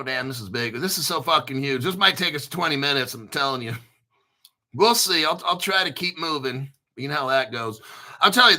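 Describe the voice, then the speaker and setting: A man's voice: fairly high pitch, bright, forceful tone. A male host giving casual livestream commentary in a brash, profane, joking hype manner. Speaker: crypto show host.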